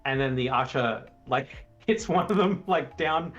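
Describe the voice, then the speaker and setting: A man co-hosting a casual film review chat, eagerly retelling comic scenes and acting them out in sudden high voices. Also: animated, unhurried, a bit bright, highs cut off. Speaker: podcast co-host.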